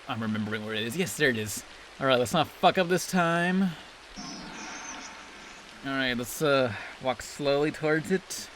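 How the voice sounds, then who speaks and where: A man's voice: medium pitch, fairly bright tone, a little hiss or hum. A young man giving crude, sarcastic, constantly swearing commentary while playing a video game. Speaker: let's play host. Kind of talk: profane gameplay commentary.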